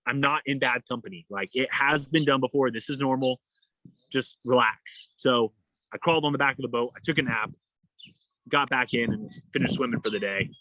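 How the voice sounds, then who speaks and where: Recorded dry and at low quality, a man with a slightly bright voice appears as an endurance athlete guest in a casual interview. His long story rambles with many fillers, and he plays out others' quotes in a higher voice.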